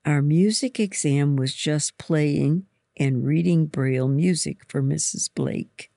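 A reader with a gravelly voice telling a story in first person, slowly and deliberately. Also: medium pitch, warm tone, dry recording, clean studio sound.

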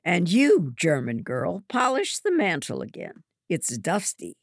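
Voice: mid-range voice, huge pitch swings, a little slow, vocal fry, dry recording, studio quality, voice pushed up, heavily acted. A reader voicing a cold, strict dormitory matron who barks curt orders at the girls, in a storybook reading. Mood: cold commanding.

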